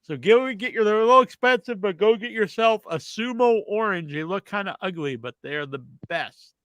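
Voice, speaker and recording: Stuffed up guy hosting a podcast, kinda high voice, rambly, dry close sound. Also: expressive, normal speed, fairly bright tone, dry recording. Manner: rambling, filler-heavy answers to viewer questions. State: stuffed up nose. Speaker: podcast host. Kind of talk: casual live-stream chat.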